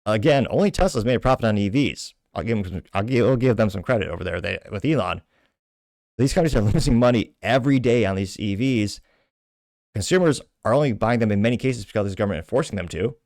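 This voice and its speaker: A man hosting a commentary show rants with indignant emphasis about politics and business. His voice sits a little low and sounds close and dry, with no room echo. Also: animated, quick pace, a little mellow. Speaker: show host.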